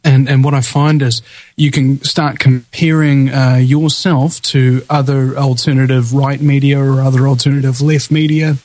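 A man's voice: mid-range voice, flat delivery, moderate pace, a little mellow, dry recording, low-quality recording. A man with a New Zealand accent hosting live talk radio, with an announcer-style delivery and theatrical asides. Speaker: radio talk show host.

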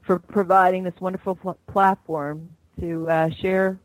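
A woman's voice: fairly low pitch, little pitch movement, unhurried, no echo, low-quality recording. A woman hosting a live internet talk radio show, chatty and gushing, laughing often between remarks.

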